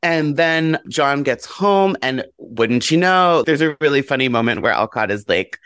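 A man of middle pitch chats as a podcast guest about a book, animated and blunt, with casual swearing. He acts out quoted lines with sudden jumps in pitch. The sound is close and dry. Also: a little slow, clear, resonant tone, no echo.

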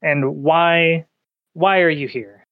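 A stern, sleep-deprived officer, voiced by a man at a game table, keeping his tone level and firm. He speaks slowly and with authority, in a fairly high, light voice. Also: narrow, tinny audio. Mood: gruff questioning. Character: stern, weary middle-aged officer in command.

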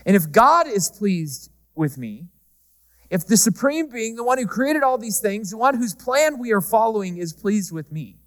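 A man preaching a sermon, talking to the congregation in a conversational, humorous way and shifting often between loud and soft. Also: sits high. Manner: conversational preaching with humor, varying pace and volume. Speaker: pastor. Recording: reverberant hall.

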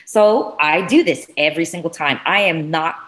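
A woman in casual chat, telling a story with lively swings and acting out what people said. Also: sits low, moderate pace. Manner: animated, swearing, acts out dialogue.

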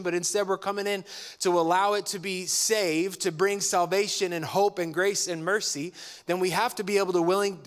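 A man preaching a sermon as a pastor, talking in a conversational, animated way and acting out little dialogues. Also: high voice, clean tone.

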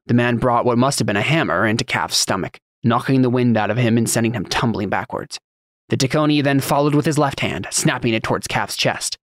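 A man narrating a fantasy audiobook in a steady, even storytelling read. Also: medium pitch, no echo, studio quality.

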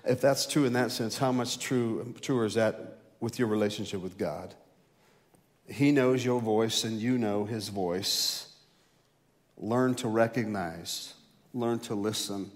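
Preaching pastor in a reverberant hall. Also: male voice. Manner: swells loud and high for emphasis, then drops low and slow. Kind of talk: sermon.

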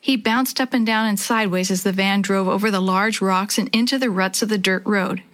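A woman reads a children's chapter book aloud with clear, expressive storytelling. Her voice sits at a middle pitch. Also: a little fast. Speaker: narrator.

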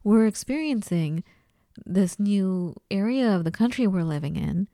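A woman's voice: medium pitch, expressive, a little slow, dark tone, dry recording, studio quality. Rambling woman with a Los Angeles accent. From Los Angeles, California. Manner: rambling storytelling with many likes and restarts. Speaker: podcast co-host. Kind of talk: casual chat.

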